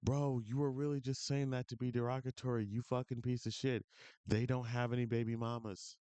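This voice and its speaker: A man's voice: mid-range voice, flat delivery, a little fast, mellow, clean tone, no room sound. A man streaming reaction commentary, ranting with profane, berating incredulity into a close mic.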